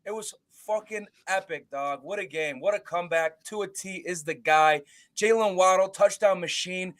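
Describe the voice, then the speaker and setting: A man co-hosting a sports talk show, recounting his game day in a loose, animated way and swearing freely. His speaking voice sits high for a man. He tells it casually, as a story to his co-host. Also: moderate pace. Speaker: podcast co-host.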